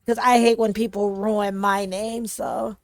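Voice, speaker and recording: A woman's voice: medium pitch, steady tone, measured pace, vocal fry, no echo. A woman streamer giving live commentary over a game, with bubbly, giggly, slangy reactions on a close mic.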